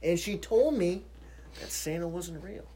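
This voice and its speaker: A man co-hosting a casual chat, playful and animated as he tells stories. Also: sits high, unhurried, crowd noise. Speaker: podcast co-host.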